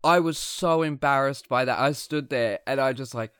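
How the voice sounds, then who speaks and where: A man, telling a story in casual chat, animated and self-mocking, laughing often. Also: medium pitch, moderate pace, clear, resonant tone, no room sound, studio quality. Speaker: podcast guest.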